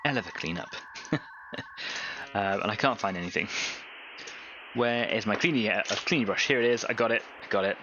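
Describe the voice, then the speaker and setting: A man's voice: lowish voice, moderate pace, long pauses, lo-fi sound, noisy background. A man hosting a live painting stream, chatting casually, rambling and laughing at his own jokes.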